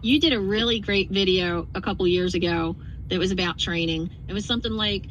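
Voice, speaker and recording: A woman trucker and driver trainer in a casual podcast chat, telling stories in an animated way. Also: medium pitch, brisk, muffled recording, slight background noise. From outside Philadelphia. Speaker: trucker and trainer, show guest.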